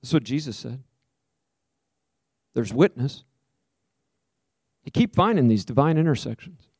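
A male pastor preaching a sermon, with a voice of middling pitch. He tells a story with acted-out quotes, then slows into a soft, prayerful invitation. The sound is dry and close. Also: lively intonation, slightly rough, no echo.

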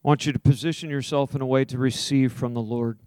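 A man's voice: mid-range voice, clear, resonant tone, no echo. Male preacher telling a story, dry sound. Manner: storytelling with lively acted-out quotes; soft, slow prayerful invitation. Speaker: pastor. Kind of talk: sermon.

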